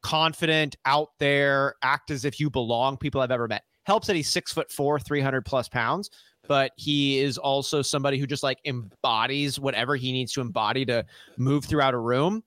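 A man's voice: medium pitch, steady tone, moderate pace, a bit bright, no echo. A man, co-hosting a podcast, tells a story in casual chat, acting out the quotes and laughing often. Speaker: podcast co-host.

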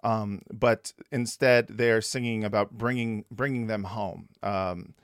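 A man's voice: lowish voice, steady tone, slow, no room sound, studio quality. A man hosting a podcast, talking casually, swearing often and laughing easily. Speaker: podcast host.

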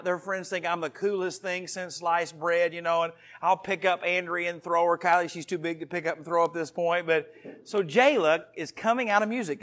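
A man's voice: high voice, fairly bright tone. A man in his thirties preaching a sermon to his congregation, earnest and storytelling, with asides to the listeners. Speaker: pastor.

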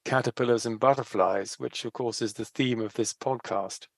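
A man hosting a podcast and asking questions in a measured, polite, slightly hesitant way. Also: mid-range voice, steady tone, vocal fry, dry recording. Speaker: podcast host. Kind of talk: interviewing.

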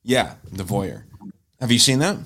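A man's voice: medium pitch, brisk, a bit bright, a little hiss or hum. Young guy co-hosting a podcast, casual and rambly, swears a lot. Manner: loose, profane, rambling. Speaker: podcast co-host. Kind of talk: casual chat.

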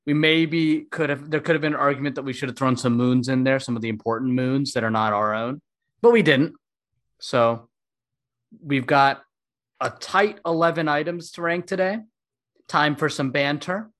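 A man's voice: mid-range voice, moderate pace, a bit bright. A man hosting a casual podcast chat, talkative and self-deprecating, often laughing. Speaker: podcast host.

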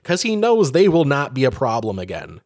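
A man talks through a story in loose, rambling podcast chat. He swears freely and acts out the characters' lines. His mid-pitched voice sits in a dry, close room. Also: wildly swooping pitch, a little fast, darkish tone, dry recording. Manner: rambling, profane storytelling with acted-out quotes. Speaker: podcast co-host. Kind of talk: casual chat.

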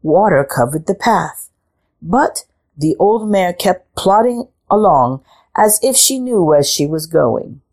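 A woman reading a picture book aloud in a slow, expressive storytelling manner. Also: lowish voice.

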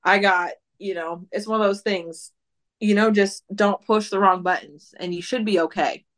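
A woman's voice: mid-range voice, fairly even intonation, normal speed, fairly bright tone. A woman guest on a podcast, chatting casually, agreeing and speaking frankly with some swearing.

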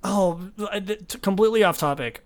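A young man hosts a casual podcast chat, his voice sitting a little higher than most men's. He rambles through tangents, restarting sentences and laughing along the way. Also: normal speed. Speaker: podcast host.

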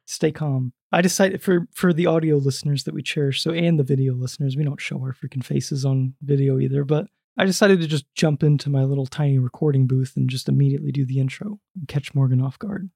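Gravelly man hosting a podcast. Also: mid-range voice, dark tone, no echo, clean studio sound. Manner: quick, joking delivery. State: out of breath. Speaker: podcast host. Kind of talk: casual podcast chat. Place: small recording booth.

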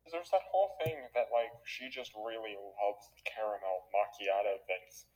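A man's voice: fairly low pitch, moderate pace, darkish tone, rough recording. A man hosting a podcast, chatting casually and wryly picking apart movies. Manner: chatty, wry, critical movie banter. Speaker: podcast host.

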